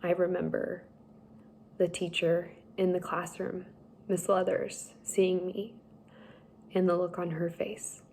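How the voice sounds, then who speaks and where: A young woman slowly telling a personal story, halting and emotional at times. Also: lowish voice, little pitch movement, gravelly, darkish tone, a little hiss or hum. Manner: slow, halting, tearful at times. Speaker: speaker sharing a personal story.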